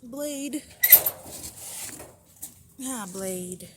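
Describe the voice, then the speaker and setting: Slow-talking woman touring her rabbit barn. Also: fairly high pitch. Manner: chatty and relaxed, pausing between thoughts. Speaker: rabbit breeder giving a barn tour. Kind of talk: casual walkthrough narration. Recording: noisy barn ambience. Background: barn ambience noise.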